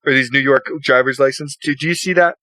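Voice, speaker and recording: A man's voice: medium pitch, fast talker, pushed and bright, no room sound, poor audio. A man hosting a podcast, telling a profane, laughing story in casual chat. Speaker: podcast host.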